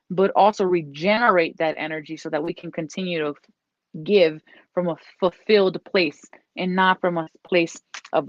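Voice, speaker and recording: A woman with a somewhat low voice gives a casual tarot reading, encouraging and repeating herself. The sound is dry and a little dull, like a lo-fi home recording. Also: no echo. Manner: repetitive, encouraging, breaks off to scold her dog. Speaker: tarot reader.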